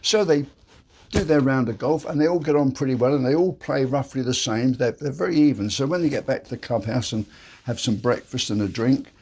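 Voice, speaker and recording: A man's voice: medium pitch, a little fast, a little mellow, slightly rough. A man hosting a daily joke show, telling jokes in a chatty, folksy storyteller manner. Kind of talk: casual joke telling to camera.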